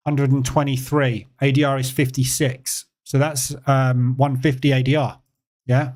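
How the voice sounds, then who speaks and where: Guy running a live trading stream, mid pitch, loose and chatty, lots of ums. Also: unhurried. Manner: relaxed, conversational, answers chat questions; emphatic repetition with frequent fillers. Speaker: trading educator hosting a live session. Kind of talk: live-stream market commentary.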